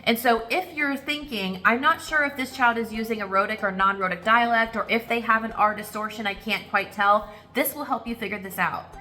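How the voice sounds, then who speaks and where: A woman's voice: fairly high pitch, brisk, few pauses, bright, forceful tone. A woman who teaches speech-language pathology, explaining methodically with examples. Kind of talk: explanatory product walkthrough.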